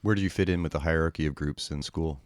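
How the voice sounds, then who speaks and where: A man hosting a podcast, asking measured, reflective interview questions. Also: rumbling low, clear, resonant tone, no echo, studio quality. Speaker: podcast host.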